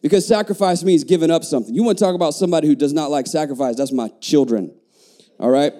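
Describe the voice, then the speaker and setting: Animated preacher man, warm voice. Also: on the high side, fast talker. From United States. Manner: animated preaching with repeated restarts and call-and-response asides. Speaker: pastor. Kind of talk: sermon. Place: church sanctuary.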